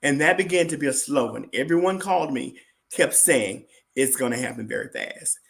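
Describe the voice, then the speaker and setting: Guy telling his story in an interview, gravelly voice, really animated, pitch jumps all over. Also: moderate pace. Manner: animated, acts out what others said. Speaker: interview guest, chef.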